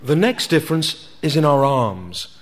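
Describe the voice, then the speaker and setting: Deadpan mock-serious man. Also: on the high side, measured pace, heavy background noise. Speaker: comic presenter in a sketch. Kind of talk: deadpan scripted comedy narration.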